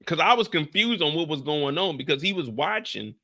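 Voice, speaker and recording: A young man from the Bay Area talking through a TV episode with big swings in his pitch and a bright, forceful edge. He's loose and profane, slipping into bits where he acts scenes out. His voice sits high for a man and never stays flat for long. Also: fairly quick. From San Francisco Bay Area. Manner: animated, swearing, acting out scenes. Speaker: show host. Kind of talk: casual TV recap talk.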